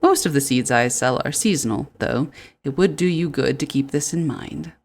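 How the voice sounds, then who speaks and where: A woman voicing a calm, polite male general store owner in a game, speaking softly and measured. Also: a bass voice.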